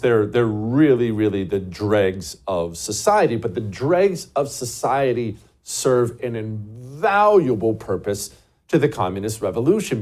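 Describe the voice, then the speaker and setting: A man's voice: lowish voice, warm tone. A man hosting a talk show, delivering an emphatic, scornful political monologue and repeating words for stress.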